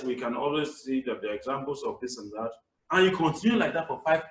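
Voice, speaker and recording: A man giving a lively public speaking lesson in a webinar, swinging between loud bursts and whispers. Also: mid-range voice, fast talker. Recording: echoey room, somewhat distant mic.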